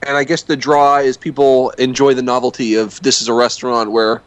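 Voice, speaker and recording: A man co-hosting a comedy podcast, playing the straight man in an improvised bit, playful and quick to laugh. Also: medium pitch, flat delivery, no echo. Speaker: podcast co-host.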